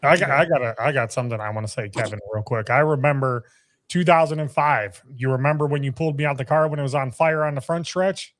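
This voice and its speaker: Plain-spoken guy, mid-range voice, rough talker who swears, dry recording. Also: mid-range voice, fast, a bit bright, no echo. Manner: blunt, swears, repeats himself. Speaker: race announcer and driver. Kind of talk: casual chat.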